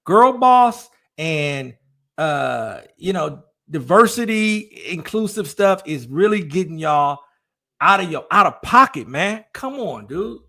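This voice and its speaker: A man's voice: fairly high pitch, sing-song, takes it slowly, gravelly, bright, forceful tone. A man ranting in a casual podcast chat, exasperated, filling his lines with "dude" and "man".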